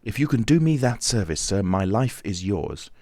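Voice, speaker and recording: A man's voice: fairly low pitch, sing-song, moderate pace, dark tone, dry recording, clean studio sound. A man reading an audiobook, voicing an impatient, feverish young nobleman with an urgent, pleading delivery. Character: young impetuous nobleman Raoul, agitated.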